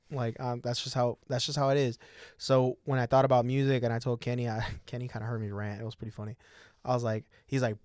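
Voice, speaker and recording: A man's voice: mid-range voice, fast, smooth, dry recording, studio quality. A man in his twenties, a podcast guest, telling stories in casual, profane chat and laughing often. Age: 20s. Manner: profane, laughing, animated storytelling. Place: podcast studio.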